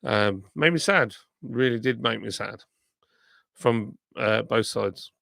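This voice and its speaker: Gravelly man, casual live chat. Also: medium pitch, slow, fairly bright tone, no echo, studio quality. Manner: rambling, self-deprecating, chuckles often. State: tired. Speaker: live streamer.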